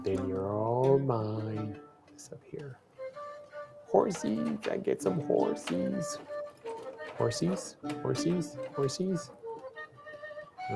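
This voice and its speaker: A man casually co-hosting a livestream, playfully and excitably talking through a strategy game. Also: mid-range voice.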